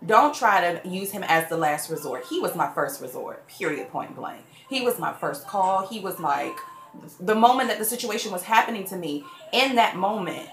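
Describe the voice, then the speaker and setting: A woman's voice: fairly low pitch, animated, moderate pace, faint music behind. Woman vlogging with echoey room sound. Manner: emotional, testifying about faith. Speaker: beauty vlogger. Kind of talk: get-ready-with-me makeup chat.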